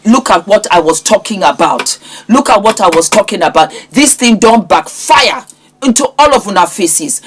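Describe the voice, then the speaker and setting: A middle-aged woman, giving impassioned, preachy commentary as a vlogger and scolding a man directly. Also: mid-range voice. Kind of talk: impassioned social media commentary.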